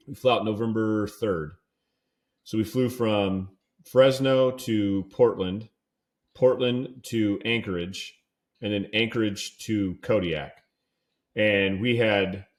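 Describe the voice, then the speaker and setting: Young california guy on a podcast, kinda low voice, rambling story, lots of like and dude. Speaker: podcast co-host. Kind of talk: casual storytelling.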